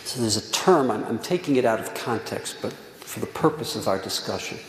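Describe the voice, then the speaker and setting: A middle-aged rabbi gives a Tisha B'Av sermon in a synagogue hall, telling stories earnestly, repeating words for emphasis and dropping to a near whisper. His voice is fairly low, expressive and fairly quick. The hall is echoey, with faint room noise.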